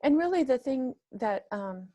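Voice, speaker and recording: A woman's voice: high voice, lively intonation, unhurried, warm tone, dry recording. A woman host in a conversational interview, an attentive listener who reflects on her own experience.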